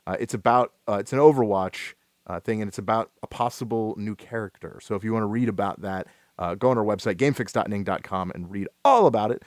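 A man hosting a casual gaming podcast, who talks in a halting, rambling way with many restarts and fillers. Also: lowish voice, dry recording, clean studio sound. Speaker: podcast host.

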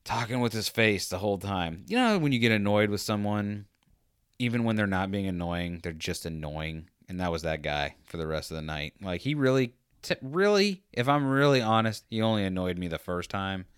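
A man hosting a podcast, telling a rambling, animated anecdote in a casual monologue and acting out the quotes as he goes. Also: on the low side, normal speed, clean tone, dry recording, studio quality. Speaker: podcast host.

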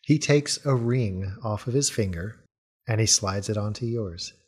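A man's voice: on the low side, unhurried. A man running a tabletop game as game master, asking the player short questions. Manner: brief prompts and questions to the player.

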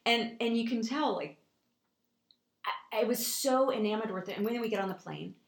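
A woman hosting a podcast, telling stories in an animated, emphatic, casual way. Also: fairly high pitch, normal speed, vocal fry, echoey room. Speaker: podcast host. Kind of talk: casual storytelling chat.

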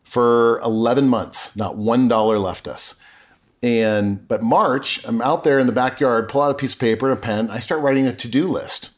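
A middle-aged man speaking as a podcast guest at an ordinary mid-range pitch. He tells his story earnestly and with plain emotion, often stopping to restart a sentence. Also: moderate pace. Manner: earnest and emotional, with frequent self-corrections. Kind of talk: candid personal storytelling.

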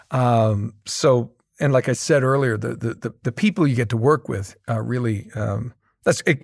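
A middle-aged man, a guest voice actor, telling animated stories in casual interview chat with many restarts. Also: medium pitch, no echo, clean studio sound.

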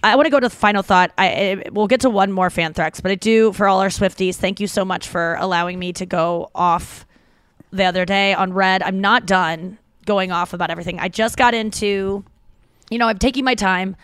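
Woman, podcast host, casual rambling chat, excitable, crude humor, mid-range voice, dry close mic. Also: medium pitch, fairly quick, clear, resonant tone, dry recording.

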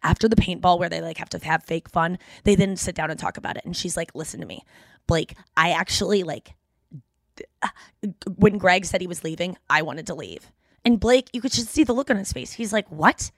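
A woman's voice: lowish voice, no echo. Gossipy woman podcast host, dry sound. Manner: gossipy, fast, uses 'like' a lot. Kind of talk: casual chat recap.

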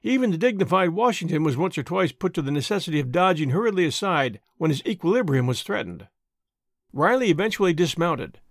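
Lively male audiobook narrator. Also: a little high, no room sound, studio quality. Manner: lively storytelling, voicing each character.

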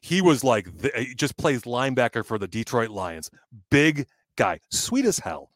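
A man's voice: medium pitch, normal speed, no room sound. A middle-aged man telling a funny story in casual chat, acting out the other people's lines and swearing now and then. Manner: animated, acts out quoted voices, swears.

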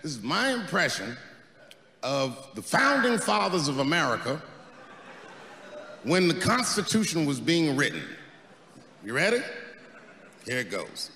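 A man doing a stand-up comedy set on a theater stage, with a loud, lively delivery and shouted punchlines. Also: a little high, unhurried, pauses often. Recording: roomy hall with loud crowd noise. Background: audience laughter and crowd noise.

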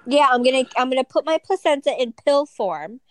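A woman in her thirties chatting as a podcast co-host, her voice sitting a little high. She teases bluntly and laughs easily, recorded dry and close with no room sound. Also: lively intonation, brisk, no echo, rough recording. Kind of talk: casual podcast chat. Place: lying in bed at home.

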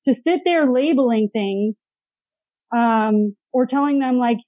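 Woman, therapist, high voice, mellow tone, dry close sound, chatty podcast talk. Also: measured pace, no room sound, rough recording. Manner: chatty, many "like" fillers, briefly mimics parents. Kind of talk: casual podcast conversation.

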